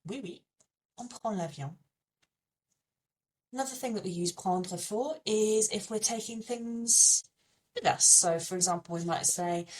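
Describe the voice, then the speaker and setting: A woman teaching French, her pitch sitting in an ordinary middle range. She explains patiently and says French words slowly and repeatedly so learners can copy them. Her voice sounds a little distant from the microphone. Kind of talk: language lesson.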